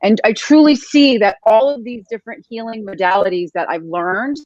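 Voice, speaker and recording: A woman's voice: a little high, normal speed, darkish tone, dry recording. Earnest woman host, dry and muffled lo-fi recording. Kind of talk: casual interview chat.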